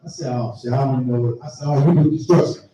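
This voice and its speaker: A middle-aged man doing a profane, animated stand-up comedy set at a live venue. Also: medium pitch, fast, highs cut off. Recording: very echoey live room, mic far off.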